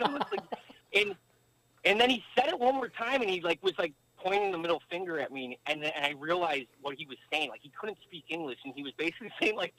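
A man's voice: high voice, animated, quick pace, fairly bright tone, low-quality recording. A man, a former pro hockey player, telling a long story as a podcast guest, with lots of fillers and rambling asides. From United States. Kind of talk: casual storytelling interview.

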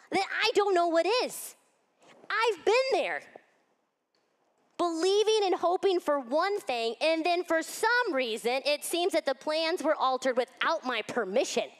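A woman preaching a candid, animated sermon in a church and reading scripture aloud. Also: high voice.

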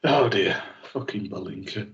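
A man's voice: lowish voice, normal speed. A man, casually recapping a show as a podcast co-host, with dry sarcastic asides. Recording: dull lo-fi audio.

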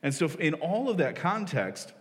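A chatty pastor in a reverberant hall. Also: male voice, fairly high pitch, sing-song, normal speed. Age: 40s. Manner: conversational, self-deprecating, with frequent laughs and restarts. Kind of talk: sermon. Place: church hall. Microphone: stage microphone. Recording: long reverb of a large hall.

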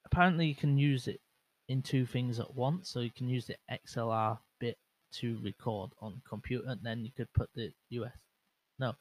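This young man's medium-pitched voice carries a casual solo podcast full of rambling, self-mockery, fillers, and restarts. He uses a bare microphone lacking a windscreen, monitored through a headset, and the sound is poor.

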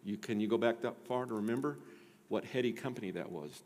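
Pastor preaching in a reverberant church. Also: male voice, on the low side, fast talker. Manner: lively, with joking asides to the congregation. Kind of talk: sermon. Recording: long reverb of a church sanctuary.

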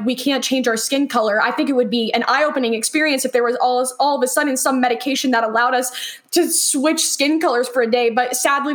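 A young woman co-hosting a podcast, talking earnestly and emotionally, with "like" threaded through nearly every sentence. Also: high-pitched. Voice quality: earnest, heavy use of "like" as filler. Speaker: podcast co-host. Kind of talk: emotional personal podcast talk.

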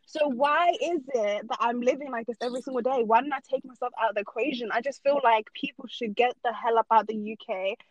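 A woman's voice: on the high side, fast, hardly any pauses, no echo. A woman from Norway, talking casually and emphatically in slangy chat, ranting on a podcast. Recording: dull dry close sound.

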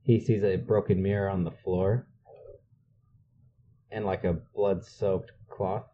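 A male co-host riffs casually on a film's plot, adding jokes and quick agreements. His voice is low. The recording sounds muffled and lo-fi. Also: a little hiss or hum. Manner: relaxed, joking, chimes in with agreement. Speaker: podcast co-host. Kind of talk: casual movie recap chat.

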